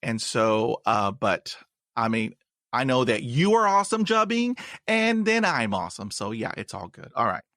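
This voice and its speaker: A man hosting a podcast interview in a casual chat. He stutters and repeats words, and he breaks into sudden high, excited whoops. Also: normal speed, no echo, clean studio sound. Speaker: podcast host. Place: in Texas.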